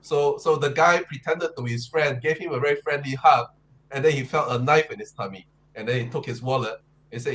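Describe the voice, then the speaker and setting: A man's voice: medium pitch, fairly quick, a bit bright, slight background noise, rough recording. Guy on a panel call telling a story, laid back and chatty. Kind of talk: casual chat on a call-in panel.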